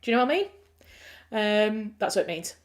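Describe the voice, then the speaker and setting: A woman's voice: mid-range voice, animated, fairly quick. A woman with a Yorkshire accent, a writer hosting a livestream, chatting casually and rambling as she reads out comments, laughing often. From Yorkshire, England.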